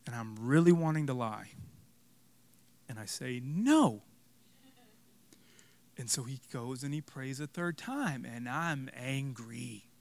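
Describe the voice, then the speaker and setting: A young man preaching a sermon, telling a personal story with animated, self-mocking humor before closing with a call to prayer. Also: medium pitch, unhurried, creaky, pauses often, dry recording. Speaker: pastor.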